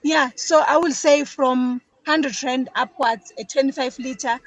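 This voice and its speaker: A woman's voice: high-pitched, fairly even intonation, a little slow, no room sound, rough recording. A South African woman explaining detergent making as a podcast guest, chatty, often repeating words. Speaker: business guest, detergent maker. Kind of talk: casual podcast interview.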